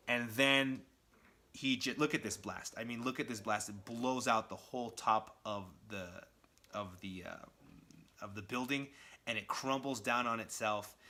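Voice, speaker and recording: Man, comic review vlogger, bright and forward tone, chatty and excitable retelling. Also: mid-range voice. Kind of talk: casual comic recap vlog.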